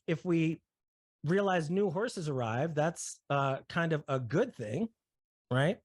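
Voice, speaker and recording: Brief: male presenter, explanatory, higher-pitched, dry close mic, frequent check-in questions. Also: no echo. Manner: checks in often with "right?" and "okay?", builds everyday examples. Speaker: session presenter. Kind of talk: explanatory talk to a discussion group.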